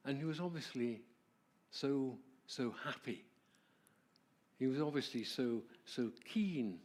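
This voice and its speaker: A man tells a personal story to a church audience in a warm, conversational way. His voice sits at an ordinary middle pitch. He often turns to the listeners with questions. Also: expressive, slow. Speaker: marriage ministry presenter.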